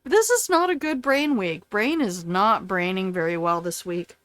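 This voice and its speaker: A woman's voice: mid-range voice, lively intonation, normal speed, fairly bright tone, dry recording. An older woman hosting a live game stream, chatting playfully and answering her chat as she plays.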